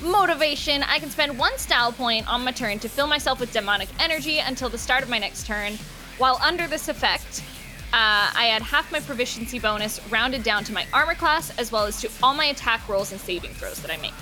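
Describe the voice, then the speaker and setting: A woman's voice: a little high, brisk. A woman playing a tabletop game, chatting casually and whooping at her rolls. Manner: excitable, whoops and laughs at good rolls. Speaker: player. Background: music.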